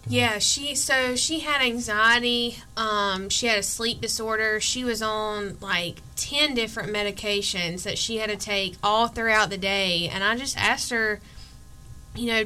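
Bright-voiced woman, earnest guest. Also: a little high, steady tone, measured pace, a little hiss or hum, low-quality recording. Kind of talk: podcast interview.

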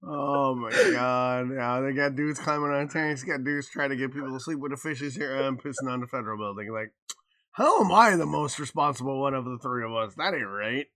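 A man's voice: medium pitch, a little fast, bright, forceful tone. An American man co-hosting a podcast, telling a loose, profane bar story in casual chat. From United States. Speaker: podcast co-host.

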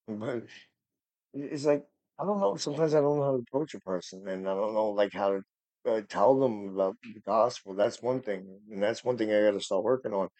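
A man hosts a casual faith podcast in a dark, mellow voice. He rambles earnestly and gets heated when he talks about preachers. The sound is dry and close, with no room echo. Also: on the low side, moderate pace, long pauses. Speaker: podcast host.

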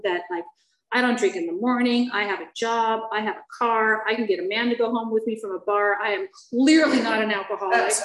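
Frank, self-mocking woman in an echoey room. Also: fairly high pitch. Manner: candid, self-mocking storytelling with wry laughs; hesitant fillers and restarts when the story turns painful. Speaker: speaker sharing her recovery story. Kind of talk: personal testimony to a listening audience.

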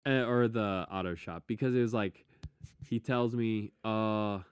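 A young man telling a story in casual chat, swearing often and getting animated as he goes. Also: lowish voice, measured pace, smooth, no room sound, studio quality.

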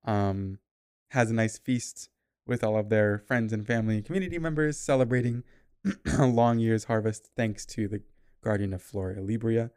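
A man running a tabletop game as game master, describing the world in a relaxed way with some fillers. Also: lowish voice, normal speed, smooth, dry recording, clean studio sound.

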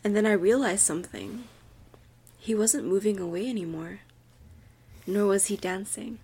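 A young woman with a soft, breathy voice reads a creepy story aloud for a podcast. She drops to a near whisper whenever the tension builds. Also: mid-range voice, normal speed. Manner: drops to a whisper at tense moments. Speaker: podcast co-host reading a story. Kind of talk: dramatic horror story reading.

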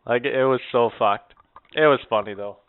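A man's voice: mid-range voice, moderate pace, smooth. A man telling a rambling, profane story on a casual podcast, full of "eh" and "like". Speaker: podcast co-host. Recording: narrow, phone-like sound.

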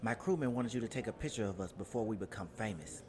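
A man's voice: fairly low pitch, lively intonation, fast talker, close to an everyday voice. A man voicing a cheerful, boisterous sea captain who calls out orders to his crew, with crowd noise behind. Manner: hearty and commanding, yells orders.

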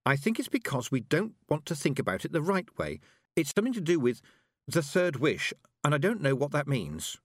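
A man's voice: a little high, very animated, brisk, no room sound, clean studio sound, pitched above the performer's own voice. A man reading an audiobook voices a thoughtful eleven-year-old witch girl who speaks earnestly and gropes for her words. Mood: pondering.

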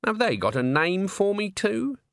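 A man's voice: sits high, very animated, measured pace, vocal fry, fairly bright tone, no echo, clean studio sound, pitched above the performer's own voice, exaggerated voice. A man doing stern old witch woman.

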